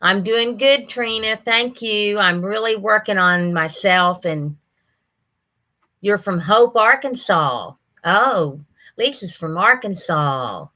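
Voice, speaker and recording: A woman's voice: medium pitch, lively intonation, slow, pushed and bright, rough recording. A woman, hosting a livestream and chatting folksily with viewers by name. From Ohio, USA. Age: 60s. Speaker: livestream host. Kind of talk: casual chat reading viewer comments.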